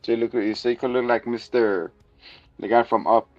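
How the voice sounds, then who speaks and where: A man's voice: mid-range voice, steady tone, brisk, no echo, soft background music. Joking male podcast host, lo-fi sound. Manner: joking, rambling, playful. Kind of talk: casual comedic review chat.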